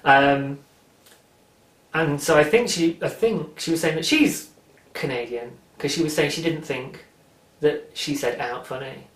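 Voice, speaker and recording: A man's voice: a little high, unhurried, fairly bright tone. A British man hosting a craft podcast in casual, enthusiastic chat, with frequent ums. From Britain. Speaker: podcast host. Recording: roomy echo.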